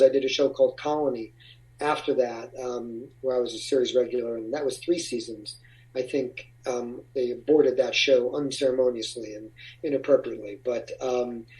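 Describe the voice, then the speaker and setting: Chatty actor, a bit off-mic. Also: male voice, fairly high pitch, darkish tone, recorded from a distance, poor audio. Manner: rambling, with frequent restarts and laughs. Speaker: actor, interview guest. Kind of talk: casual interview conversation.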